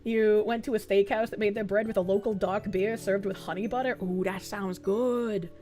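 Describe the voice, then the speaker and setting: A woman's voice: mid-range voice, steady tone, a little fast, dark tone, soft background music. An American woman streaming, reading an article aloud and chatting with a rambling, profane, laughing manner. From United States.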